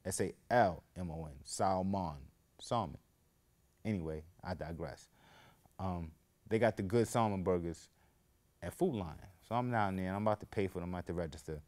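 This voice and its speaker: Hosting his own podcast, a low-pitched man speaks fairly quickly in a casual storytelling monologue. He rambles off on tangents and livens up, voice rising, each time he repeats what someone else said.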